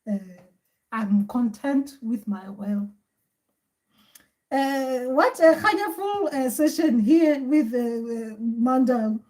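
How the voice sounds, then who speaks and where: Woman, spiritual advisor, casual rambling talk, very slow, fairly high voice. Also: expressive, darkish tone. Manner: slow, rambling, repetitive, with many fillers. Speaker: spiritual advisor hosting an advice session.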